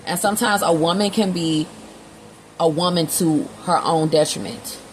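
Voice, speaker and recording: Over a slight hiss or hum in a low-quality recording, a woman with a lowish voice reads tarot casually at normal speed. She speaks bluntly, curses freely, leans on slang, and plays out both sides in quotes.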